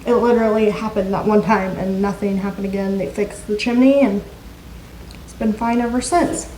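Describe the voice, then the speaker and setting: A woman vlogger telling a story to camera in a chatty, animated way, with plenty of "like" fillers. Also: mid-range voice, moderate pace. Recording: echoey room with loud noise.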